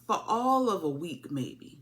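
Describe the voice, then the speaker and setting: Animated woman with lively bright voice. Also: fairly low pitch, measured pace. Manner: animated, playful, acts out characters in quotes. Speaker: TV show reviewer. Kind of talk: casual recap commentary.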